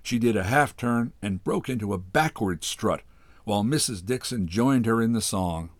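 A man hosting a program where he reads a literary short story aloud, in unhurried, measured narration. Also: lowish voice, animated, dry recording. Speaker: host reading stories aloud.

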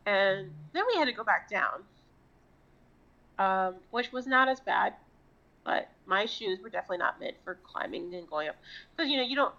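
A woman from Florida co-hosting a podcast, telling a story in a casual, animated, self-mocking way and swearing freely. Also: mid-range voice, gravelly, lo-fi sound. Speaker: podcast co-host.

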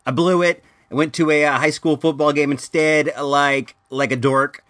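A man hosting a casual podcast, reviewing a movie and telling stories in a rambling, filler-heavy way that turns animated in anecdotes. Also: a little high, moderate pace. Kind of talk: casual comedic storytelling and review.

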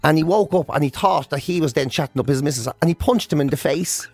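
A man's voice: a little high, quick pace. An Irish man co-hosting a radio show, telling stories with lots of acted-out quotes. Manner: animated storyteller, acts out quotes. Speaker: radio co-host. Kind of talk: casual chat.

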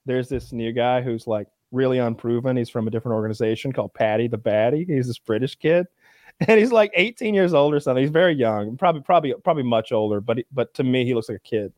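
A young man chatting casually, telling excited stories, swearing and acting out crowd cheers. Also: mid-range voice, quick pace, no echo, clean studio sound. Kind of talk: casual chat.

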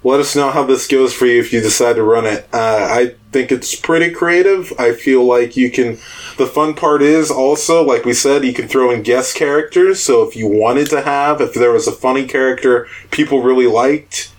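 A man's voice: medium pitch, moderate pace. A man hosting a podcast, chatting loosely and rambling about tabletop games. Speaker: podcast host.

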